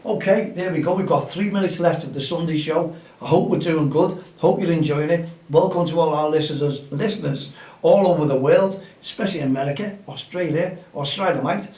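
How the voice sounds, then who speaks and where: A slightly high, warm male voice talks fairly quickly as the host of a grassroots football show, chatty and upbeat as he rallies his listeners. It's a casual outdoor podcast chat, and he sounds a bit distant from the mic, with a roomy echo around him.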